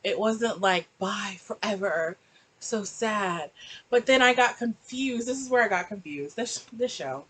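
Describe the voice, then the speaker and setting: A woman's voice: a little high, lively intonation, measured pace, a bit bright, rough recording. A woman chatting animatedly in a casual reaction review, recorded on a laptop mic and slipping into mocking voices. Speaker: book and TV reviewer.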